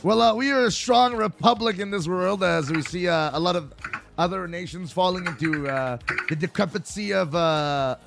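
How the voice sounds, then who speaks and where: A man's voice: high-pitched, normal speed, creaky, music in the background. A man roleplaying the formal, hesitant leader of a new republic in a game voice chat. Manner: formal, hesitant diplomatic speech.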